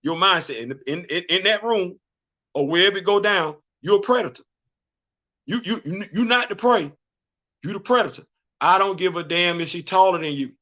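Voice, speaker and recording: A man's voice: high-pitched, moderate pace, pushed and bright. A middle-aged man hosting a casual livestream, talking in loose slang, stammering through repeated restarts and breaking into bits of song. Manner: repetitive, stammering restarts, sings snatches of songs. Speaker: host. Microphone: streaming setup.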